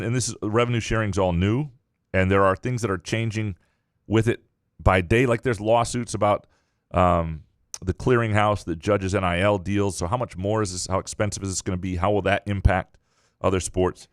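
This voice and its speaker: A man co-hosting a sports podcast, answering listener questions in a casual, halting way with frequent restarts. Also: low voice, dry recording, studio quality. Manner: halting, many restarts and fillers. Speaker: podcast co-host.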